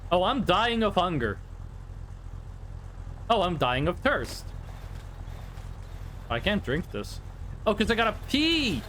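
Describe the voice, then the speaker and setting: A young Norwegian man, accented and from Norway, talks slowly in a high, somewhat bright voice with big swings in pitch and long pauses, over slight background noise. He's streaming a game, casually chatting, joking, and rambling as he answers his viewers.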